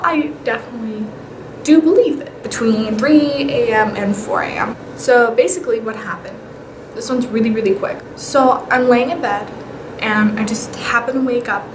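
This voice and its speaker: A young woman vlogger telling paranormal stories in a casual, animated way. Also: on the high side. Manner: chatty, animated, with whispered asides. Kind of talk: casual storytelling. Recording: echoey room with clear background noise.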